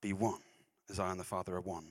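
A man's voice: low voice, little pitch movement, fast. Chatty man preaching in a hall. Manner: self-deprecating, chatty asides with laughs. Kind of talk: sermon. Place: church hall. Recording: echoey hall reverb.

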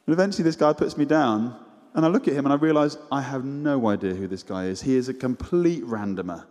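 Preacher in an echoey hall. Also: male voice, animated, brisk. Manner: storytelling, earnest, drops to a low hush at the close. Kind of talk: sermon.

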